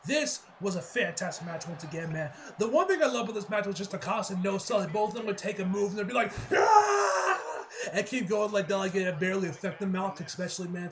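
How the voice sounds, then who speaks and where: Casting: high-pitched male reviewer, rambling and excitable, casual solo chat. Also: slight background noise. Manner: excitable, rambling, lots of fillers and laughter. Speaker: wrestling reviewer.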